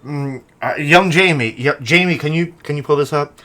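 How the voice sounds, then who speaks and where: A man hosting a comedy podcast, brash and profane, mocking his guests loudly one moment and muttering the next. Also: on the high side, normal speed. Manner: animated, swings between loud and quiet. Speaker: podcast host. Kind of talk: crude comedic podcast banter.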